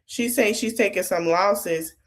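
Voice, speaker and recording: A woman's voice: mid-range voice, unhurried. A woman podcast host casually recapping a TV episode, retelling the scenes line by line in a loose, chatty way. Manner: retells scenes quoting each line of dialogue; loose, conversational with many fillers.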